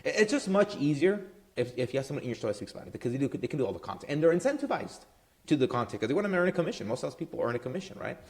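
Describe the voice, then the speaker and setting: A man's voice: fairly high pitch, big pitch swings, racing, a little mellow. A man running a marketing business, giving casual advice straight to camera in a loose, conversational way, tagging his points with "right?" and plenty of "um"s. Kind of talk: casual talking-head advice.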